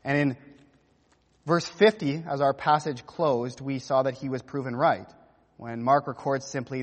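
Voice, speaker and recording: Animated preacher with church-hall echo. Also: male voice, mid-range voice, measured pace. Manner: animated storytelling, acts out quotes. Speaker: pastor. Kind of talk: sermon.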